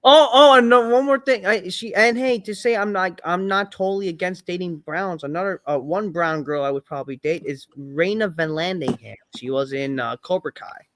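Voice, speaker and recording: A man's voice: high-pitched, a bit bright. Rambling man hosting a podcast. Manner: rambling, halting, full of fillers. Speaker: podcast host. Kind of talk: casual chat.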